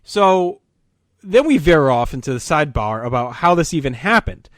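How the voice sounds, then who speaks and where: Animated ranting man on a podcast. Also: fairly high pitch, normal speed, dry recording. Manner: animated ranting storyteller, profane. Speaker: podcast co-host. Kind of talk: casual podcast chat.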